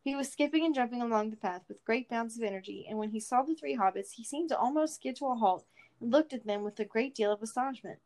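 Woman reading a storybook aloud, slightly high. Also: quick pace, a little mellow, low-quality recording. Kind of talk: storybook read-aloud narration.

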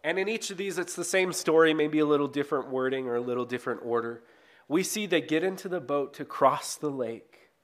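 Male preacher, conversational sermon delivery, slightly raised pitch, frequent tag questions. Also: brisk. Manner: reads scripture aloud then explains it.

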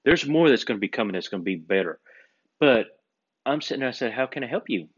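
A man's voice: medium pitch, quick pace, husky. A man telling stories in casual chat, acting out the voices of people in them. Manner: animated storyteller, acts out quoted voices. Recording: dull lo-fi recording.

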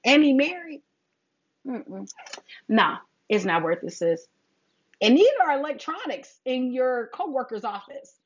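A middle-aged woman talks faith to her listeners in a casual, preachy way, calling them sis. Her voice sits fairly high and swoops widely. The recording sounds dull and lo-fi. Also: sing-song, unhurried, breathy edge. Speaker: faith talk host. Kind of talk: casual faith talk to viewers.

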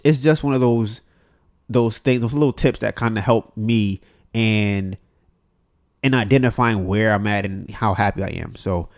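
A man's voice: on the low side, a little mellow. A man talking alone on his podcast, loose and rambling with many fillers and restarts, swearing freely and acting out old phone calls in quoted voices. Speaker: podcast host. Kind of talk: solo podcast monologue.

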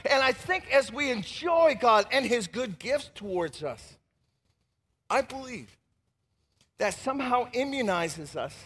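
High-voiced animated male pastor preaching. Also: long reverb tail. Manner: animated, emphatic, swings between loud and hushed. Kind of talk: sermon.

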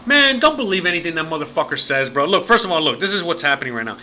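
Male livestream host, slightly high and very bright voice, loose and profane delivery. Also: very animated, fast talker, slight background noise. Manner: rambling and profane, says bro and man often. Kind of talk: casual livestream chat.

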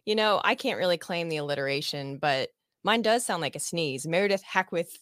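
Chatty woman with a low, dry voice. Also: no echo. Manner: lively, laughing, quick and chatty. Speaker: podcast guest, fellow podcaster. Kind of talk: casual podcast chat.

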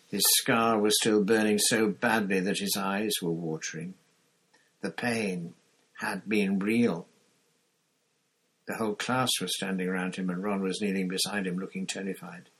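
Husky low-voiced male audiobook narrator. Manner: measured, expressive storytelling. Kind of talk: scripted narration.

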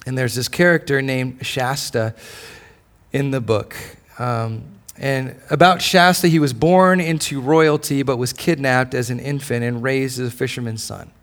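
A male pastor preaching a sermon, swinging between loud declarations and soft, close lines. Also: medium pitch, steady tone, a little slow.

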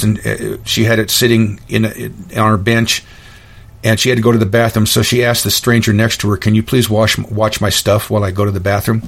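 A man's voice: on the low side, vocal fry. A man hosting his own podcast, telling stories in a blunt, opinionated, folksy monologue. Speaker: podcast host. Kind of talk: casual monologue.

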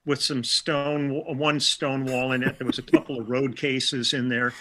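An older man from Milwaukee with a bright, forceful voice, talking through a long anecdote in a relaxed interview. He wanders through his memories, restarts his sentences and acts out bits of dialogue along the way. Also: medium pitch, moderate pace. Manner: chatty, anecdotal, with many restarts and quoted dialogue. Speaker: interview guest, session musician. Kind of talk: casual storytelling interview.

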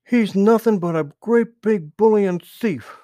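A man doing a high, shouting, hot-tempered otter. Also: measured pace, no room sound. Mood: angry. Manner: snappish, shouting. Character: young male otter, hot-tempered and sulky.

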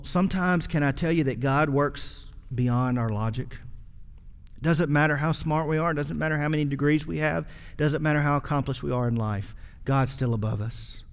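A man preaching a sermon as pastor, impassioned, swinging from loud exhortation to quiet, hushed lines. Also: mid-range voice, long reverb tail.

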